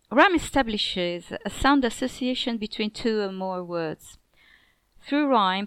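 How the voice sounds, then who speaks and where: Clear, smooth woman narrating a poetry lesson. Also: no echo. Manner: measured, clear, drops pitch at line ends. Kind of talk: scripted educational narration.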